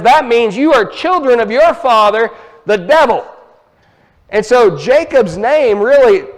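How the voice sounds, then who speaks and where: A man with an Ozarks accent preaching a sermon, teaching emphatically with lively asides. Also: sits high.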